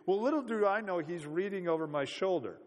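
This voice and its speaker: A man's voice: sits high, animated, a little fast, big-room sound. A man preaching a sermon in a conversational, storytelling way, full of rhetorical questions.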